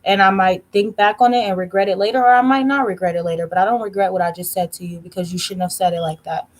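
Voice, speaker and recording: A woman tarot reader talks casually to her viewers in a blunt, cussing rant. Her voice sits at an ordinary middle pitch, and she stretches out words when she wants to hammer a point home. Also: fairly even intonation, fast, a little hiss or hum. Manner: blunt, profane, ranting storyteller. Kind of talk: casual livestream chat.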